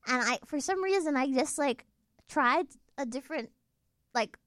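A woman's voice: high-pitched, lively intonation, moderate pace, fairly bright tone, no room sound, studio quality. A young woman chatting casually, talking in loose runs full of fillers and laughing often. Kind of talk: casual chat.

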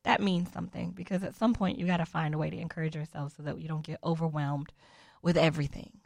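Woman, devotional host, chatty and encouraging, fry in the voice, dry sound. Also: low voice, steady tone, fast talker, darkish tone, no echo. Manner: chatty, upbeat, playful asides and mock voices. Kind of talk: casual encouraging devotional talk.

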